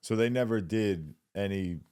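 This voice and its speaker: A man's voice: on the low side, moderate pace, darkish tone, smooth. A man co-hosting a podcast, throwing in sarcastic teasing jabs during casual chat. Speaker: podcast co-host.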